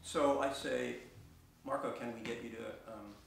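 A middle-aged man telling a personal story on stage, halting, with many restarts and fillers. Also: mid-range voice, fairly even intonation, gravelly, a little hiss or hum. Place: theater stage. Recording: echoey theater from far off.

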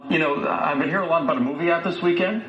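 Quick, playful male weatherman. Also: a little high, roomy sound, dull audio, noisy background. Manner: playful, joking. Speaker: TV weather presenter. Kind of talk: joking studio banter.

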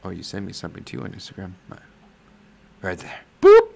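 A man hosting a casual livestream, reacting to wrestling, swearing freely and breaking into loud yells. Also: deep voice, fairly even intonation, brisk, gravelly, husky. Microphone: desk microphone.

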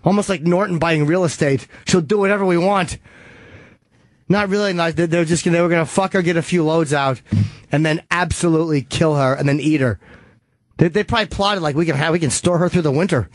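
A man's voice: on the high side, brisk, dry recording. A male comedian riffing crudely on a talk show, profane and laughing often.

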